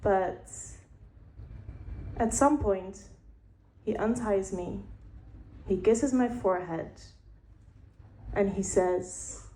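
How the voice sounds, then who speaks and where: A woman telling a frank personal story, candid and wry, with pauses for effect. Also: mid-range voice, dark tone. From Netherlands. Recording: roomy echo.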